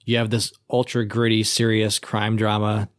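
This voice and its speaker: A man chatting casually as a podcast co-host, retelling scenes with lively swearing. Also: fairly low pitch, moderate pace, clean tone, no room sound, studio quality. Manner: animated storytelling, acts out quoted characters, swears casually. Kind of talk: casual chat.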